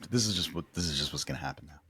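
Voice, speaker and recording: A man co-hosting a podcast, talking in casual chat, excitable and jokey, often restarting his sentences. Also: very deep voice, racing, crowd noise. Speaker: podcast co-host.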